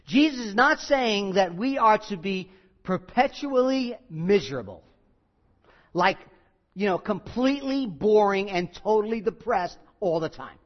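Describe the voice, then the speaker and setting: Male pastor, sermon delivery; high-pitched, earnest with light humor; muffled recording. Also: long reverb tail. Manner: earnest preaching with asides and small jokes.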